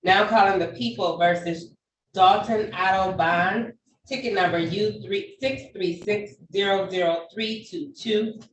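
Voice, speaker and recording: A woman judge presides over a hearing on a video call, steady and procedural in her questions. Her voice sounds roomy and set back from the microphone, with a faint hiss behind it. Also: mid-range voice. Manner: measured, procedural, polite. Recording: echoey, distant, faint noise.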